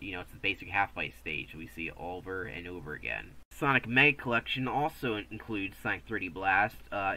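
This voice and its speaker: A man's voice: lowish voice, sharp tone, low-quality recording. A man narrating a casual video game review, chatty and offhand, with restarts and asides.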